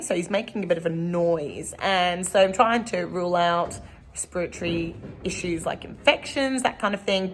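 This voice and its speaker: A woman's voice: lowish voice, slight background noise. A woman, a horse trainer, talking casually and at length to a camera outdoors in a rambling vlog. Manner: chatty and rambling.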